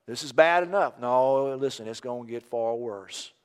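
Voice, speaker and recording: Impassioned older preacher in a reverberant hall. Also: male voice, medium pitch, moderate pace, smooth. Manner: impassioned, rising to loud emphatic peaks. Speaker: pastor. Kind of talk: sermon. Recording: long reverb of a large hall.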